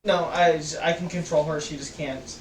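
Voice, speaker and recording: Aarzelende speelster legt regels uit. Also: female voice, sits low, fairly even intonation, distant mic, a little hiss or hum. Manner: halting, explains with fillers and restarts. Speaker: player. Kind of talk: explaining game rules. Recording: echoey room, voice from off-mic.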